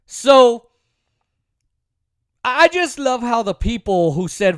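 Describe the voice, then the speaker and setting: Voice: mid-range voice, sing-song, slow, long pauses, clear, resonant tone, no echo, studio quality. A political commentary host giving a sarcastic, opinionated monologue, repeating points for emphasis. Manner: sarcastic, mocks opponents in put-on voices.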